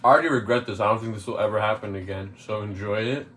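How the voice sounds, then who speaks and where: A man's voice: lowish voice, fast talker, fairly bright tone, slight background noise. A young man from Toronto, co-hosting a casual mukbang, laid-back and joking, rambling with lots of fillers. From Toronto, Canada. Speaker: co-host. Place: indoors, sitting on the floor.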